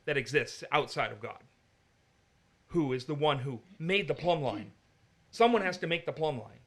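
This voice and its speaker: A man's voice: fairly high pitch, animated, moderate pace, fairly bright tone. Emphatic man teaching on scripture. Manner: emphatic, argumentative. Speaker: Bible teacher. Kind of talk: teaching discussion.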